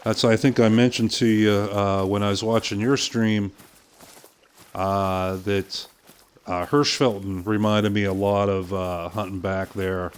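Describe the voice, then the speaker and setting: A middle-aged man from Pittsburgh with a softened Pittsburgh accent, casually chatting with viewers while streaming a hunting game, full of "uh" fillers and easy laughs. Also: on the low side, steady tone, unhurried, clear, resonant tone. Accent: softened Pittsburgh American. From southwest Pennsylvania, USA. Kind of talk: casual live-stream commentary.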